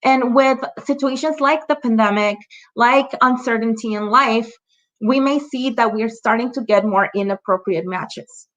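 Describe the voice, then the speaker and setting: Leading an online training for parents, a woman speaks conversationally, often checking in with "right?" and "you know" and laughing lightly between examples. Her voice is fairly high and fairly bright, unhurried, and the sound is lo-fi.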